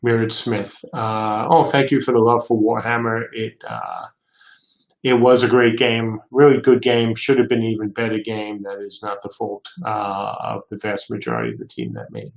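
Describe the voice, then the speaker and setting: A man's voice: on the low side, normal speed, creaky. An older man hosting a casual livestream Q&A, reading viewer questions aloud and answering with rambling anecdotes. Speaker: game studio head hosting a livestream. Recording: roomy echo.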